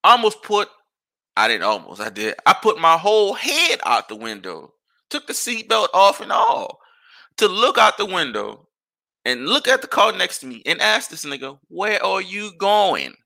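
Gravelly, exasperated ranting man. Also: sits high, normal speed. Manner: animated, exasperated ranting with profanity and rhetorical questions. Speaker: podcast host. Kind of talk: casual ranting monologue.

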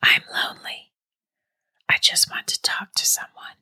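A hushed, breathy whisper from something lonely on the other end of a dead phone line, coaxing and quietly commanding, as a woman narrator puts it on. Every word is voiceless air, soft but insistent, for a spooky storybook. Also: measured pace, no room sound. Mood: pleading whisper. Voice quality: unvoiced whisper.

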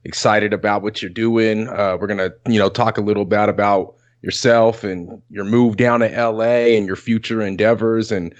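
Halting male podcast co-host. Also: fairly low pitch, fairly even intonation, lo-fi sound. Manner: halting, full of fillers and restarts. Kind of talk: casual podcast chat.

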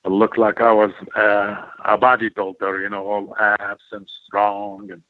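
An older man from Iraq, a former wrestler, telling animated stories as an interview guest and acting out quoted voices. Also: on the low side, measured pace, no room sound. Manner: animated storyteller, acts out quoted voices, broken English. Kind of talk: storytelling in an interview. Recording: tinny phone-like audio, dry.

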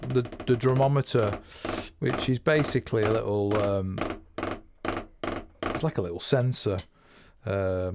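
Man, gravelly, dry recording, casual drum lesson, rambling, self-correcting. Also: fairly low pitch, no room sound. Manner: counts beats and vocalizes drum patterns. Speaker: drum teacher and podcast host. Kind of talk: casual spoken drumming lesson.

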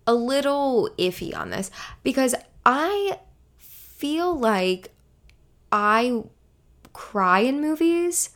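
A woman's voice: lowish voice, a bit bright. A young woman in her twenties hosting a solo podcast, rambling casually with lots of filler words. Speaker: podcast host. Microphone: podcast microphone.

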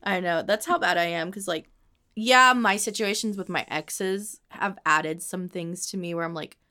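A woman co-hosting a casual podcast chat who talks candidly and goes hushed on hard memories. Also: lowish voice, moderate pace. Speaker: podcast co-host.

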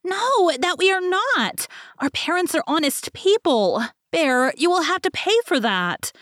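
A woman doing shrill furious baby birds. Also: lively intonation, moderate pace, fairly bright tone, no room sound, studio quality. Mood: indignant. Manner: screaming, indignant. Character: shrill angry young bird chicks.

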